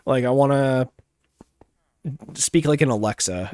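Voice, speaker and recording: A man's voice: lowish voice, moderate pace. Laid-back male gaming streamer. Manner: laid-back, self-described monotone, chuckles often. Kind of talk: casual gaming livestream chat.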